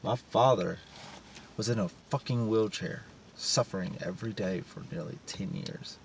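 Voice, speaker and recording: A man's voice: on the low side, moderate pace, vocal fry. A man talking in a raw, emotional personal confession, blunt and profane. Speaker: vlogger. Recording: distant mic with vehicle noise.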